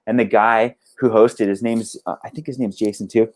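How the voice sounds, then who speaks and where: Male band guest, lowish voice, casual rambling storyteller on a video call. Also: fairly even intonation, normal speed. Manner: rambling, lots of "like" and "dude".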